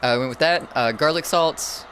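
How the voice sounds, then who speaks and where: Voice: mid-range voice, moderate pace, fairly bright tone, a little hiss or hum. A cooking streamer chatting casually with viewers while cooking, rambling and poking fun at their own mistakes. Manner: self-deprecating humor.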